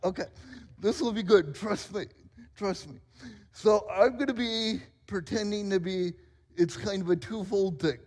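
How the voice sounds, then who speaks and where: A man's voice: high voice, a little slow, a little mellow. A man in his forties preaching a sermon as pastor, in a playful, self-mocking storytelling manner. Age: 40s. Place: church sanctuary. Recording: reverberant church hall.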